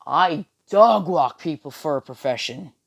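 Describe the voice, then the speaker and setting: A man's voice: fairly high pitch, animated, unhurried, creaky, pitched above the performer's own voice, heavily acted. A man voicing a cocky, all-powerful male fighter who taunts his foes. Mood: shouting. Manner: brash, taunting.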